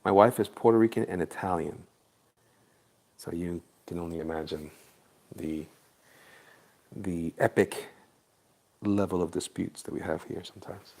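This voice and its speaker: A man's voice: sits low, unhurried, vocal fry, pauses often, darkish tone. A man in Florida chatting casually with viewers on a livestream while he draws, laid-back and jokey. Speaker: livestream artist.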